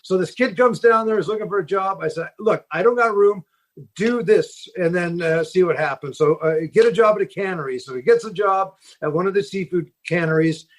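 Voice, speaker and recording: A man's voice: high voice, fairly quick. A middle-aged man from Seattle, a fishing boat captain, telling stories in a rambling podcast interview, full of fillers and restarts. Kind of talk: casual storytelling in a podcast interview.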